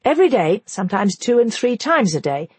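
A woman reading a history audiobook as narrator, in a measured, even scripted narration. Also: on the high side, husky, dry recording.

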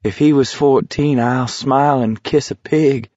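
A folksy young man, as a male narrator plays him, drawling his words slowly. The recording is dry and a little dull. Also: medium pitch, steady tone, darkish tone, no echo, pitched above the performer's own voice, natural voice.

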